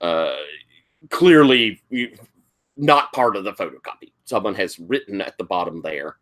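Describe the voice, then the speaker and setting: A game master narrates a tabletop horror game at a slow, deliberate pace. The voice is bright and animated, with a wide melodic range. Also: low-pitched. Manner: unhurried, lively storytelling.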